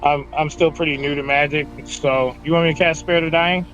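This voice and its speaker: A man's voice: fairly high pitch, fairly even intonation, fairly quick, fairly bright tone, lo-fi sound, soft background music. A man joking casually as a player at a tabletop role-playing session.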